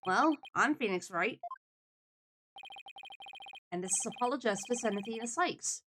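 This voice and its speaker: A woman reading a calm veteran male lawyer. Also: fairly high pitch, a little slow, noisy background. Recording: game music behind.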